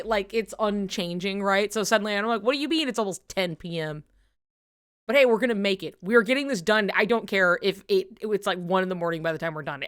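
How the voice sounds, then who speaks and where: Woman streamer, casual watch-along chat, mid-pitched, rambly, laughs a lot, swears freely. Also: a bit bright, clean tone. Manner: rambling, filler-heavy, swears, laughs often.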